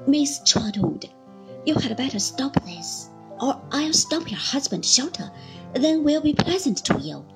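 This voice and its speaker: A woman reading aloud voices a sly, scheming male clerk who is cornered and spiteful, speaking louder and with sneering threats. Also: sits high, heavily acted.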